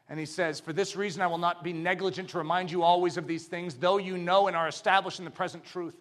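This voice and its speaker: A man preaching a sermon, swinging from loud emphatic declarations to hushed, intense lines and asking the congregation rhetorical questions. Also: a little high, quick pace.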